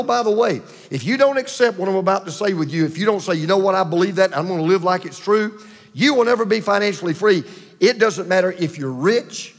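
A man preaching a sermon with emphatic repetition and dramatic pauses. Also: sits high, big-room sound. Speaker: pastor.

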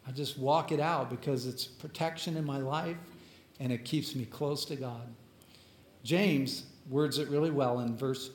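A man preaching a sermon as pastor, earnest, moving between emphatic lines and hushed ones. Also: mid-range voice, echoey room.

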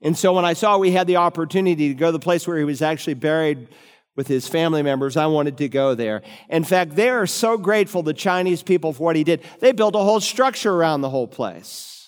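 A middle-aged male pastor preaching a sermon with emphatic rises on key words and deliberate slowing. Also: fairly high pitch, clean tone. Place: church sanctuary. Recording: long hall reverb.

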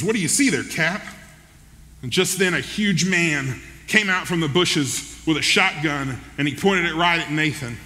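A man's voice: on the high side, sharp tone, a little hiss or hum. A man preaching a sermon, telling a story in a folksy, conversational way and checking in with listeners, heard in a large hall. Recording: long reverb in a large hall.

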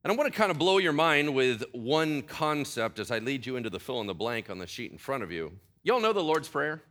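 A man's voice: mid-range voice, sing-song, a little fast, fairly bright tone. A middle-aged man preaching a sermon in a conversational way, often asking the congregation questions. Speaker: pastor.

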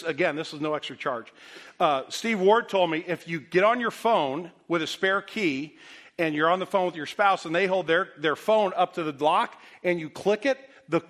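A middle-aged man preaching a sermon as pastor, telling a story with self-deprecating humor and then turning soft and earnest. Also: high voice.

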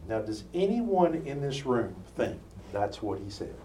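A man preaching, telling the story with animated asides and jokes. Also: medium pitch, normal speed, slight background noise. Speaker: preacher teaching a Bible study. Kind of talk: sermon. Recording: roomy sound from far off with faint ambience.

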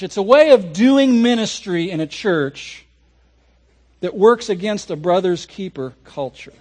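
Guy with a really high voice preaching, animated storyteller, pastor giving a sermon. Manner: animated storytelling, acting out imagined reactions. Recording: audio recording of a sermon.

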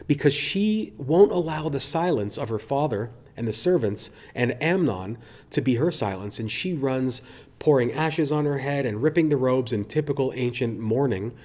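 A man preaching a sermon, earnest and reflective, who leans on rhetorical questions and pauses to explain the text. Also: mid-range voice.

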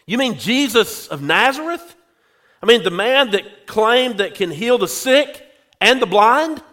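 A male preacher voicing a blind beggar, pleading urgently in his own high voice during a sermon. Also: lively intonation, a little slow, bright, forceful tone, heavily acted.

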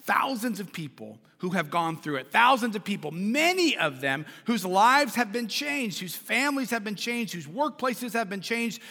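A man's voice: high-pitched, big pitch swings, normal speed, few pauses, bright, forceful tone. A man preaching a sermon as pastor, talking in a conversational way with repeated words and questions to the congregation, in a large church. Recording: long church reverb.

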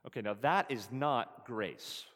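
A man's voice: medium pitch, a little slow, fairly bright tone, in a large hall. A man preaching a sermon as pastor, earnest and emphatic, rising on scripture and repeating key phrases to drive them home. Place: church sanctuary.

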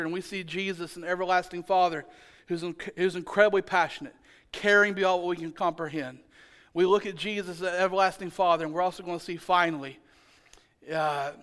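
A male pastor with a drawl preaches in a church, his voice high for a man and notably smooth and resonant. He mixes scripture with a homey family story, repeating key words and tossing in quick jokes. The delivery is conversational but driven by the rhythm of the pulpit. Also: a bit bright. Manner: storytelling with call-and-response, humorous asides. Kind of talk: sermon. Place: church sanctuary.

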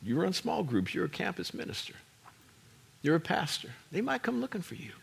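A man preaching a sermon as pastor, swinging from hushed, low lines to loud shouted peaks and repeating words for emphasis. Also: big pitch swings, a little fast, gravelly, slightly rough.

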